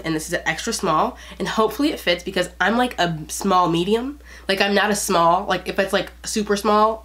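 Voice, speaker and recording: A woman's voice: lowish voice, a bit bright. A teenage girl rambling in a casual, chatty way through an unboxing, full of fillers. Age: teens. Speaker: vlogger.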